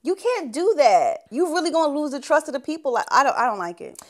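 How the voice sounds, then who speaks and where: A woman's voice: sits high, very animated, fast talker. A woman podcast co-host in casual chat, giving emphatic, outspoken opinions.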